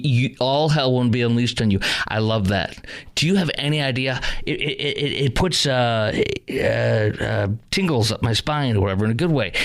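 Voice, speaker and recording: A man hosting a political talk radio show, ranting in a fired-up way, his voice climbing high when he gets worked up.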